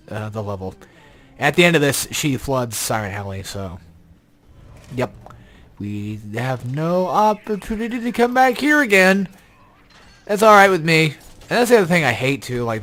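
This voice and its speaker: A young game guide commentator with a mid-range, slightly bright voice rambles casually about the gameplay. He yawns from tiredness, curses often and turns exasperated, with a weird robotic glitch in his voice.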